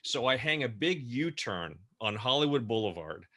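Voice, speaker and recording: A man spins a personal story during an interview, lively and acting out each quoted line. His voice has a bright, clear edge and sits at an ordinary middle pitch. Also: normal speed. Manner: lively storyteller who acts out quoted dialogue. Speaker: co-host. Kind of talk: telling a personal anecdote in an interview.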